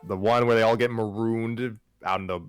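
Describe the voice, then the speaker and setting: Easygoing young guy, really deep voice, dry close sound. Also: fairly even intonation, normal speed, clean tone, no room sound, soft background music. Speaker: podcast host. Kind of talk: casual chat.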